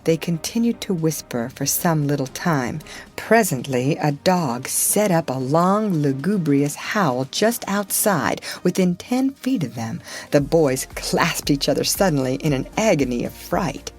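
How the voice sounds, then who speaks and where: Woman reading a story real slow, lowish voice, soft music underneath. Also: lively intonation. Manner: slow, careful read-aloud for learners. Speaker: storybook reader. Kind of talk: scripted story narration.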